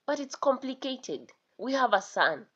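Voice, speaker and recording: A woman's voice: high-pitched, sing-song, unhurried, a bit bright, husky, highs cut off, voice pushed up, exaggerated voice. A woman doing a pleading old chief. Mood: tender. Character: older male chief, pleading and scared.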